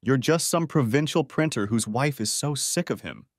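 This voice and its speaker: A man's voice: mid-range voice, lively intonation, moderate pace, no room sound, studio quality, pitched above the performer's own voice. A man voicing an arrogant, bullying middle-aged male lawyer in a sneering, menacing manner for an audiobook story. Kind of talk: audiobook character voice.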